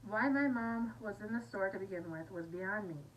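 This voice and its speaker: At medium pitch and a normal pace, a woman from Scotland reads a novel casually for an amateur audiobook, with conversational asides and the odd verbal slip. The mic is slightly distant and picks up faint noise.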